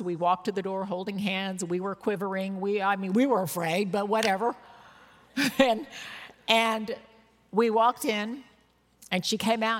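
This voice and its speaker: Woman preaching in a reverberant hall. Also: medium pitch. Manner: earnest storytelling, emphatic bursts. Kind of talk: sermon with personal stories. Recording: long reverb of a large hall.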